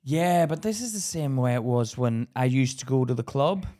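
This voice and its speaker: Animated, swearing man from Ireland. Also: mid-range voice, moderate pace. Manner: animated storyteller who swears and acts out quotes. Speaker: podcast co-host. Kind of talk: casual chat.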